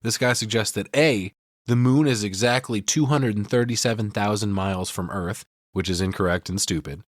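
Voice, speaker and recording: A man's voice: fairly low pitch, moderate pace, no echo, clean studio sound. A male podcast co-host giving a profane, casual film breakdown. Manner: profane, storytelling recap.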